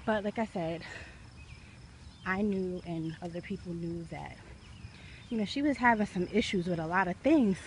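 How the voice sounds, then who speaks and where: A woman's voice: on the low side, normal speed, pauses often, slight background noise. Breathless woman vlogging while walking. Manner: passionate, rambling, lots of "like" and "you know". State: a little out of breath from walking uphill. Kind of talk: casual vlog talk. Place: outdoors, walking in hot weather.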